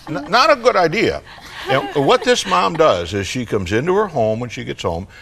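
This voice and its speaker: An older man on a studio talk show, telling parenting stories and acting out kids and parents. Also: medium pitch. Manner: animated storyteller, acts out kids and parents. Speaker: guest parenting author.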